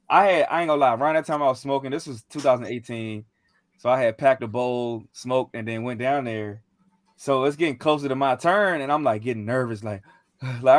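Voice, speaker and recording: A man's voice: medium pitch, a bit bright, no room sound. A young man in casual chat, telling a rambling, slangy story with lots of fillers and restarts. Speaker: podcast co-host.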